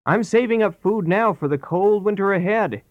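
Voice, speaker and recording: A man's voice: sits high, moderate pace, no room sound, voice pushed up, natural voice. A man voicing a hardworking, prudent male ant in a storybook reading, in an earnest, admonishing manner. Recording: dull lo-fi audio.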